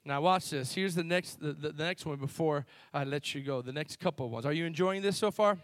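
This Miami pastor delivers a church sermon fairly quickly in a fairly high voice, telling stories with animated energy. He jumps from loud bursts to hushed asides, recorded close and dry with no room sound.

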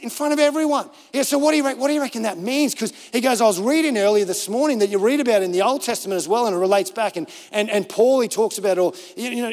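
High-voiced Australian pastor in echoing hall. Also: male voice. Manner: animated storytelling, acting out other voices. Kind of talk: sermon. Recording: reverberant church hall.

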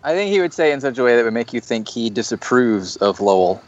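A man's voice: medium pitch, very animated, fast talker, lo-fi sound, slight background noise. A man co-hosting a podcast in casual chat, playful and sarcastic, laughing often. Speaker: podcast co-host.

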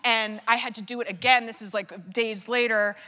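A woman with a bright, clear, somewhat high voice chats onstage in a live conversation. She tells rambling, self-deprecating stories and slips into quick imitations. A long hall reverb trails behind her words. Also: steady tone. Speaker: guest author. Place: theater stage before a live audience.

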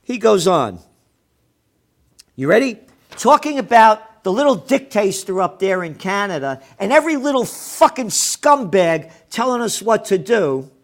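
Furious, profane man ranting with wild pitch swings. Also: very animated, a little slow. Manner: angry, profane, sarcastic, mocking quoted people. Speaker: commentator. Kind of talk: ranting news commentary.

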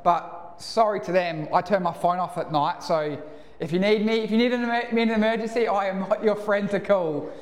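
A higher-voiced Australian man preaching a relaxed, storytelling sermon. His voice fills a roomy church hall, with a long reverb behind each phrase. He sounds easy and conversational rather than formal. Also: a little fast. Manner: casual and storytelling. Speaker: pastor. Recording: echoey church hall, live.

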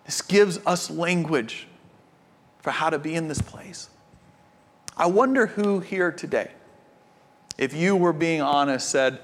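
A man preaching a sermon as a pastor, impassioned at times and at other times dropping to quiet intensity. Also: fairly high pitch, takes it slowly, long pauses. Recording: reverberant hall.

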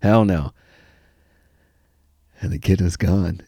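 A man hosting a podcast, telling a funny story with lots of laughter and mock-deadpan asides. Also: sits low, slow, husky, no room sound, clean studio sound. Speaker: podcast host. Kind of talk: comic storytelling.

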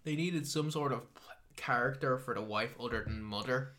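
An Irish podcast co-host chatting casually about a film, animated, sweary and mocking. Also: mid-range voice, normal speed. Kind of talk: casual chat reviewing a film.

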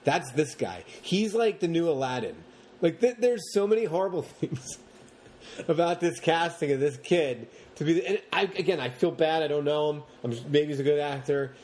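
A man co-hosting a podcast, chatting casually about movies in long, animated rants and mocking the characters as he goes. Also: a little high, moderate pace. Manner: rambling, animated rants with mocking put-on quotes. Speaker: podcast co-host.

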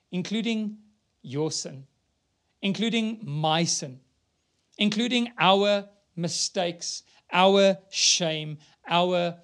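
A man preaching a sermon, earnestly reading scripture aloud and building to emphatic peaks. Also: fairly high pitch.

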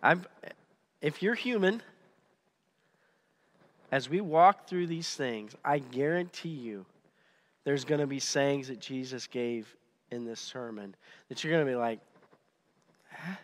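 A man preaching a sermon as pastor, conversational and animated, often restarting his sentences. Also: mid-range voice, a little slow, long pauses, big-room sound.

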